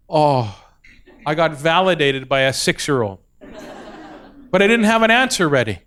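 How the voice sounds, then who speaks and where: A man telling a stand-up story on stage, animated and acting out voices. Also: a little high. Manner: animated, acts out voices, quick asides. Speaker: comedian.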